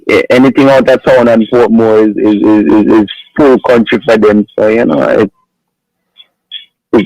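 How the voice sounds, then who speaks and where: Brief: footballer man, low gravelly voice, laid-back, dry sound. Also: a little mellow, dry recording, poor audio. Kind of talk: casual interview talk.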